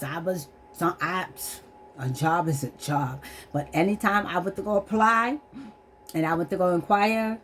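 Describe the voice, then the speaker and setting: Vlogger, woman, middle-aged, low voice, earnest and emotional, near tears, faint background noise. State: holding back tears. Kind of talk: candid personal testimony to camera.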